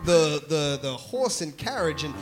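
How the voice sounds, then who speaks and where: A game master rambles through an improvised fantasy scene, laughing as they go. Loud music sits under the voice. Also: medium pitch, lively intonation, measured pace. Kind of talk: improvised comedy tabletop game narration. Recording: background music.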